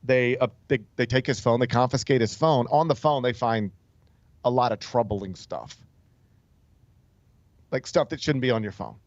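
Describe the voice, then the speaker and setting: A man's voice: medium pitch, moderate pace, pauses often, no echo, highs cut off. Man telling a story in a rambling, casual way. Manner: loose, rambling delivery full of "like" and "um", with frequent restarts. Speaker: sports radio host. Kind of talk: casual talk-show storytelling.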